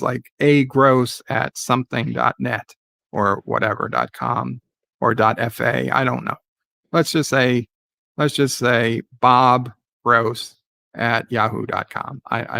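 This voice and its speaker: A man's voice: mid-range voice, fairly even intonation, measured pace, creaky, bright, forceful tone, no echo. A man hosting a casual live stream, reading out viewer comments and rambling through a story with many fillers and restarts. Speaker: livestream host.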